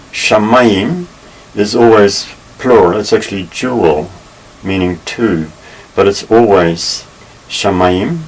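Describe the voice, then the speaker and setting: A man teaching a Bible lesson, measured and careful, pausing often with fillers as he explains. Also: low-pitched, a little mellow. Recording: slightly distant mic with faint ambient noise.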